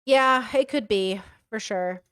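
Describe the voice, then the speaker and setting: A woman's voice: a little high, takes it slowly, a bit bright, clear, resonant tone, dry recording, studio quality. A young woman reading a couple's messages aloud and giving her blunt, casual commentary on them. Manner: reads messages aloud and comments frankly, swearing. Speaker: commentary streamer.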